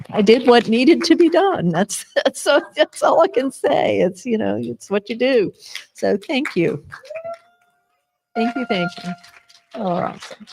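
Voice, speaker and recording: A woman's voice: fairly high pitch, darkish tone. A woman accepting an award at a ceremony, modest and offhand, laughing as she brushes off the praise. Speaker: award recipient. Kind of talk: informal thanks at an awards ceremony. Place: live awards event.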